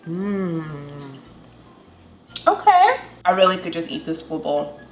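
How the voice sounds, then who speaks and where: A woman's voice: low-pitched, steady tone, a little fast, faint music behind. Bubbly young woman cooking vlogger. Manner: bubbly, enthusiastic, tasting aloud. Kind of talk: casual cooking vlog.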